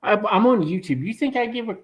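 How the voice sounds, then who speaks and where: A man with a raspy, slightly high voice chats loosely on a live stream. He jokes and teases, circling back with restarts as he goes. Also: lively intonation, brisk. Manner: joking, teasing, rambling with restarts. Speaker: host of a farm channel live stream. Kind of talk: casual live-stream chat.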